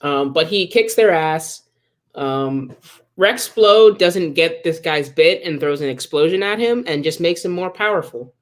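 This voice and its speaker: A man's voice: on the high side, animated, unhurried. A man co-hosting a podcast, casually recapping a comic book plot with many ums and acted-out quotes. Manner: rambling retelling with many ums and quoted asides. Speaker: podcast co-host.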